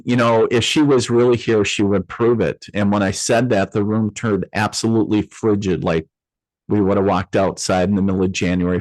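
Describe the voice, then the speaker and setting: Lowish-voiced man telling an animated story. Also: no echo, rough recording. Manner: animated storyteller who acts out quoted voices; loose, with many fillers and restarts. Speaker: interview guest, medium. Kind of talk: personal storytelling in an interview.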